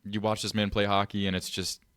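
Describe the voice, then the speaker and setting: A man co-hosting a podcast in casual chat, emphatic and excitable, who keeps insisting on his point. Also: on the low side, brisk, smooth, dry recording, clean studio sound. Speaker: podcast co-host.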